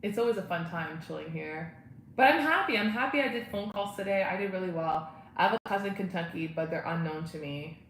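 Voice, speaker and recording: A young woman hosts a casual livestream from home, chatting and answering viewer comments. Her voice is fairly low and a bit bright, with lively intonation and a slightly fast pace. The room is echoey, with faint ambient noise.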